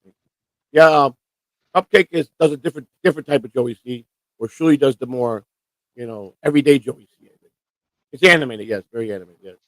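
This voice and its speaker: A man's voice: medium pitch, brisk, long pauses, dry recording, rough recording. A man from Chicago co-hosting a casual live stream, rambling, repeating himself and trailing off. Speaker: co-host.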